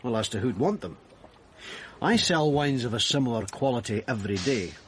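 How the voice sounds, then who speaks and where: An actor playing a fussy, flustered wine merchant in a period crime drama. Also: male voice, medium pitch, lively intonation, moderate pace, a little hiss or hum, lightly acted. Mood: genial. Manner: fussy, flustered, nervous laughs. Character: fussy, genial older male wine merchant.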